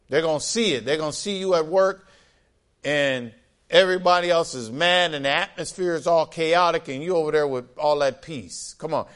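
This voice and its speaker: Man preaching with lively call-and-response. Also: fairly high pitch, clean tone. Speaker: pastor. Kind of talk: sermon.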